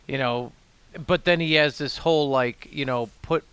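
A man's voice: medium pitch, expressive, moderate pace, sharp tone, smooth, dry recording. A man co-hosting a casual film podcast, loose and chatty with lots of filler phrases. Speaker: podcast co-host. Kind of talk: casual film commentary chat.

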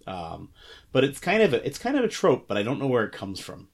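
A man co-hosting a podcast chat, thinking aloud in halting, wondering phrases. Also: medium pitch, huge pitch swings. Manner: musing, halting, thoughtful. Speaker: podcast co-host. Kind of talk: casual chat.

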